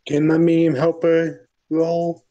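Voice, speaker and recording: A man playing in a tabletop game, loud and insistent. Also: fairly high pitch, level tone, takes it slowly, highs cut off. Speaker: player. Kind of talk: casual tabletop play.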